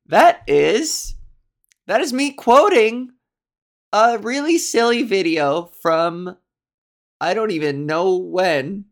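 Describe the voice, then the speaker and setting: Woman, podcast host, solo casual monologue, rambling, jokey, many fillers, slow pace. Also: mid-range voice, lively intonation. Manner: rambling and jokey, with frequent ums and self-corrections.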